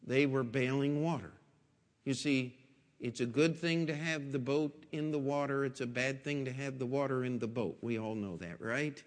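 A man's voice: mid-range voice, measured pace. A man pastor preaching a sermon in a folksy storytelling way, asking rhetorical questions, in a church. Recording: long echoing hall reverb.

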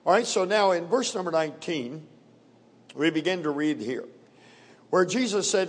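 A middle-aged man preaching a sermon, reading scripture in a measured, deliberate way and leaning on key words. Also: a little high, lively intonation. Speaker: pastor. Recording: long hall reverb.

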